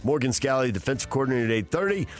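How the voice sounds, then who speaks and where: A man hosting a sports radio show, measured and informative. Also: medium pitch, animated. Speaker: radio host.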